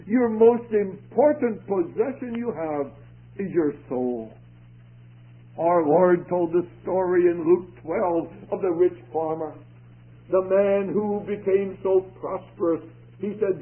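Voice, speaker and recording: A man's voice: high voice, takes it slowly, slightly rough. A man preaching a sermon in an earnest manner, his voice rising and dropping for emphasis. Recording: tinny phone-like radio broadcast.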